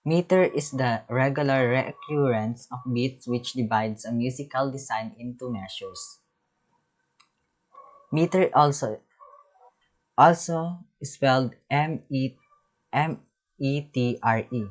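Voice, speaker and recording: Slow, halting male music teacher. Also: mid-range voice, poor audio. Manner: halting, reads terms and definitions with restarts. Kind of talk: reading lecture slides.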